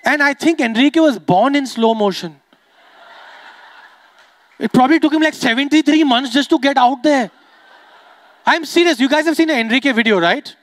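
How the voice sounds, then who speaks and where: A young man with an Indian accent doing stand-up comedy, animated and teasing the audience. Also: very high voice, moderate pace, long pauses. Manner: animated, teases the audience, switches into voices.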